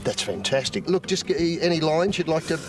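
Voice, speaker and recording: A man's voice: on the high side, expressive, fairly quick. A man hosting and compering a poetry slam, upbeat and bantering. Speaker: show host and MC. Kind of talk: TV presenting and compering.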